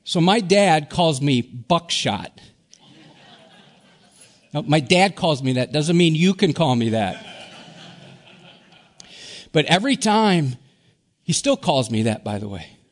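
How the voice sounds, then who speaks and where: Slow, earnest man preaching. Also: fairly high pitch, big pitch swings. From Wisconsin, USA. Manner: slow, earnest preaching that drops to near-whispers on key words. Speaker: pastor. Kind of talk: sermon.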